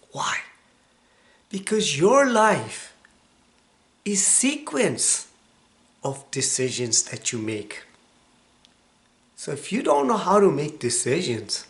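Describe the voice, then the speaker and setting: Hoarse, slow-talking man in his sixties. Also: on the high side. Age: 60s. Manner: emphatic preaching, dropping to a hushed whisper for stress. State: hoarse from a cold. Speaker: motivational vlogger. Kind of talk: motivational self-help talk.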